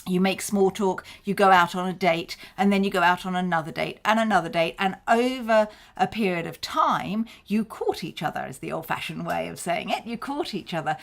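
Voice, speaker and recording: A woman's voice: on the low side, normal speed, creaky, hardly any pauses. A woman teaches marketing straight to camera as a coach. Her delivery is conversational and friendly in pace, and she slips into little acted-out exchanges to make her points. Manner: conversational, acts out short snippets of dialogue. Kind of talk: explaining to camera.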